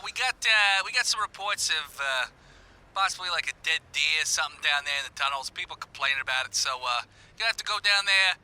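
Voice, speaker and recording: A man voicing a bossy male transit dispatcher over the radio, halting and curt. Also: a little high, sharp tone, low-quality recording.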